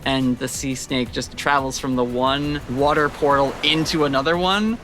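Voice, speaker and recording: Woman GM, bright and lively tone, chatty scene-setting narration over faint music. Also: very deep voice, normal speed. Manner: descriptive, chatty narration with fillers. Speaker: game master. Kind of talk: narrating a tabletop game.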